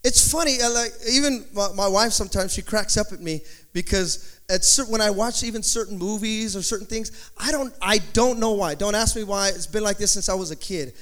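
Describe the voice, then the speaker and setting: A pastor preaching a sermon in an animated, conversational way, with joking asides. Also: male voice, sits high, fairly quick. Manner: slips into playful put-on accents in quotes.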